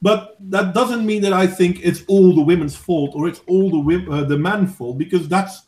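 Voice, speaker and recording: A man in his thirties hosting a casual debate, talking in an earnest, measured way with frequent restarts. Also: high-pitched, a little mellow. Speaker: host of a voice chat discussion. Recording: echoey room.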